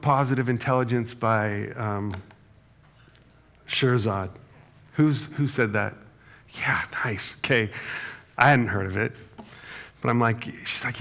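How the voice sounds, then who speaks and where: A man's low, gravelly voice fills a church sanctuary as he preaches. He talks more than he orates, telling stories on himself and tossing "right?" to the congregation. He sounds middle-aged and relaxed in the pulpit. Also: measured pace, pauses often. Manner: conversational, self-deprecating storytelling with frequent "right?". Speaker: pastor. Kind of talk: sermon.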